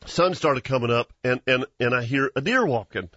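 A man, hosting a hunting show and telling a story in an animated way, with frequent laughs and restarts. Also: mid-range voice, moderate pace, dry recording, dull audio. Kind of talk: casual storytelling chat.

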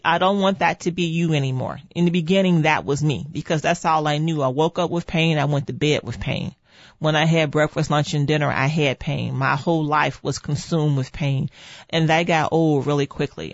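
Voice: mid-range voice, no echo. Earnest encouraging pain coach talking, dull dry lo-fi audio. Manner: earnest, encouraging, repeats "okay" and "see". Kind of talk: motivational talk.

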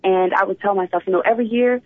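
A woman in her thirties, from Philadelphia, tells her story as an interview guest in an animated, open way. She comes through a tinny, dry phone line with no room sound. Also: medium pitch, fast talker, dry recording. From Philadelphia, USA. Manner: animated storytelling, often starts with "you know what". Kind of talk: casual interview.

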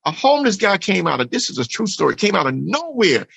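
A man's voice: high-pitched, big pitch swings, quick pace, vocal fry, a bit bright, husky, no room sound. A man giving an earnest, emphatic personal testimony in an interview, repeating phrases and often saying "man". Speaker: interview guest. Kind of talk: emotional personal testimony in conversation.

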